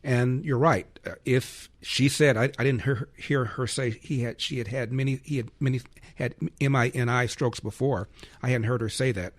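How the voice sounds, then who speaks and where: A man's voice: mid-range voice, fairly even intonation, moderate pace. A man hosting a call-in radio talk show, arguing emphatically and firing off rhetorical questions.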